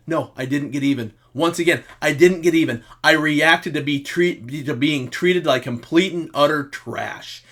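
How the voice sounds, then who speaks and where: A middle-aged man lectures the viewer directly in a blunt advice monologue, with a fairly high, bright and forceful voice. He jumps from near-shouting to low, tired resignation as he talks. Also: measured pace, hardly any pauses. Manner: lecturing, direct address to the listener; swings between shouting reenactments and quiet resignation. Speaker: self-help video host.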